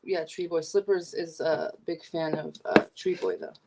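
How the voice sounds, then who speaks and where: Low-voiced young woman chatting on stream. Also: sing-song, moderate pace, warm tone. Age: young adult. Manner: reads chat aloud, laughs easily. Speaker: vlogger reading stream chat. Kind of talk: casual live-stream chat.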